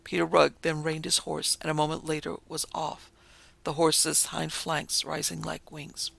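A man hosting a podcast, telling a ghost story and reading its dialogue in a steady, measured way. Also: fairly high pitch, creaky, slightly rough. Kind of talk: storytelling narration with quoted dialogue. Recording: faint music behind the voice.

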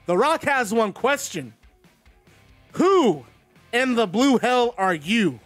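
A swaggering, brash wrestler, as a man does an impression of him who trash-talks with boastful mockery. His voice stays fairly high, with faint music underneath. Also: big pitch swings, slow pace, a bit bright, no room sound, heavily acted. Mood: cocky. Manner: boastful, mocking. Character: cocky, brash trash-talking male wrestler.

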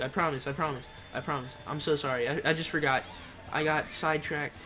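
Excitable young man streaming a racing game. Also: fairly high pitch, normal speed, faint music behind. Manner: excitable, slangy trash talk. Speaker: gaming streamer. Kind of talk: live gameplay commentary while reading chat.

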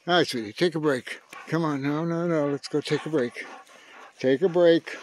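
A man's voice: on the high side, unhurried, pauses often, no echo. An older man talking casually to his dog, coaxing and teasing it with mild curses. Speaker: dog owner playing with his pet.

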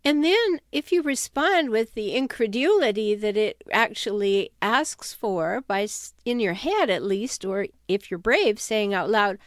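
A woman giving advice on toxic relationships in an emphatic, animated way. She sometimes drops her voice to act out quoted sarcastic remarks. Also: mid-range voice, a little slow, few pauses, no echo, clean studio sound. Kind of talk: talking-head advice video.

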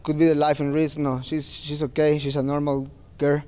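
A man's voice: a little high, level tone, normal speed, a little mellow, smooth. A man speaking as a fighter at a post-fight press interview, earnest and plain-spoken, with non-native phrasing.

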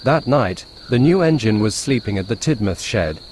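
A man narrating a fan-made storybook tale in a plain, steady reading. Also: lowish voice, moderate pace. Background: music.

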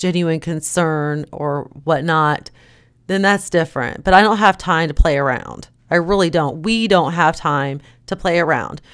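A woman's voice: lowish voice, smooth. A woman hosting a Christian vlog, talking in a fervent, emphatic and scolding way. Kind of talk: preachy commentary vlog.

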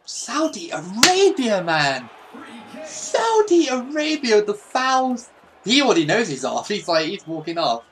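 A man giving casual, excitable, sweary commentary over his own football gameplay. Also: high-pitched, unhurried, slight background noise. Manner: excitable, sweary, mock-patriotic. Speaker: gaming YouTuber.

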